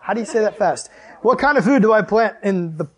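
Animated high-pitched youth pastor, a man. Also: brisk. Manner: animated storyteller, acts out dialogue with loud exclamations. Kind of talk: youth group sermon.

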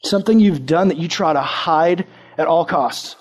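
A man's voice: on the high side, moderate pace. A young man preaching a casual sermon, telling a personal story with acted-out quotes.

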